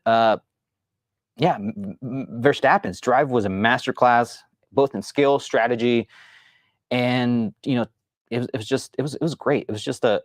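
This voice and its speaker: A man's voice: medium pitch, no room sound, clean studio sound. A man hosting a sports show, chatting casually about games with lots of restarts and fillers. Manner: rambling, many restarts and fillers.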